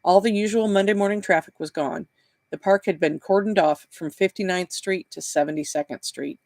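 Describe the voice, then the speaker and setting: A man, the author, reading his novel aloud in a live session with steady, plain narration. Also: sits high, moderate pace, no echo.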